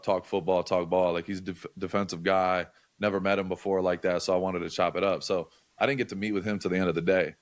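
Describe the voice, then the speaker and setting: A young man with a fairly low voice tells a story in loose, casual talk. He swears freely and keeps circling back with likes and half-finished restarts. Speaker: podcast guest.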